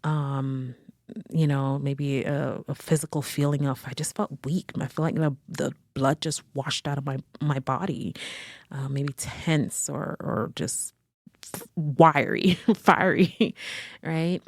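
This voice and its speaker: A woman's voice: deep voice, steady tone, slow pace, dry recording, studio quality. A woman podcast host, a therapist, talking in a reflective, searching way and often correcting herself as she thinks aloud. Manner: searching, self-correcting, gently conversational. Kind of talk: reflective solo talk.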